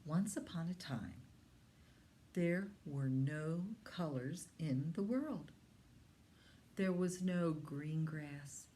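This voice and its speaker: A woman librarian reading a story aloud to young children in an expressive storytime manner. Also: deep voice, a little hiss or hum. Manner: slow, expressive, talks to young listeners.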